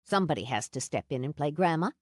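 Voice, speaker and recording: A woman narrator voicing a gruff older woman who speaks in short clipped phrases, a little lower than her own voice. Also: lively intonation, fast talker, darkish tone, dry recording, studio quality. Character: gruff older woman hiding soft feelings.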